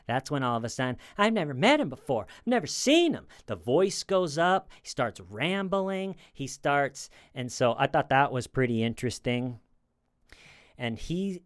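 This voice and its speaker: A man's voice: medium pitch, smooth, dry recording, clean studio sound. A man giving casual true crime commentary, rambling as he talks and acting out quoted lines in a raised voice.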